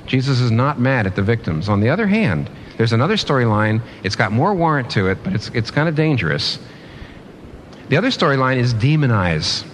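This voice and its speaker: A man's voice: mid-range voice, very animated, a little fast, a little hiss or hum. A man preaching a sermon in an earnest way, often restarting and repeating phrases for emphasis.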